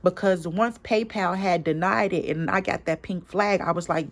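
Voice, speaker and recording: A woman vlogger and small business owner, a parent, retelling a story in a casual, emphatic, animated way with quoted dialogue. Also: on the low side, normal speed. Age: adult parent.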